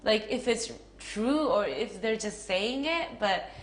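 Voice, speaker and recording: A young actress with a Japanese accent answers interview questions casually and chattily, full of fillers and giggles. Her medium-pitched voice is expressive and slow, recorded in an echoey room with faint noise.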